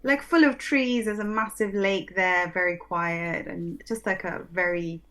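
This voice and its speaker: A woman guest, an English teacher, chatting casually in an interview, hesitant with many pauses and restarts and soft laughs. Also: fairly low pitch, steady tone. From lives in London.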